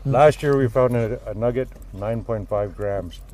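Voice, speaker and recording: Blunt, profane gold miner telling stories. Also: male voice, medium pitch, a little slow, dark tone. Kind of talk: casual storytelling.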